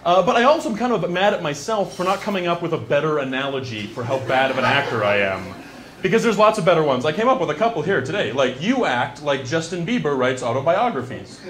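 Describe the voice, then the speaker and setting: A man doing a stand-up comedy monologue into a handheld microphone in a small venue, wry and deadpan with quick asides. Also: a little high, background noise.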